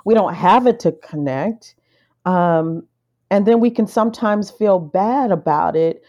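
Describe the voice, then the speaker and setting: A woman co-hosting a casual conversation, gentle and thoughtful, pausing with frequent ums. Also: mid-range voice, dull audio. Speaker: podcast co-host.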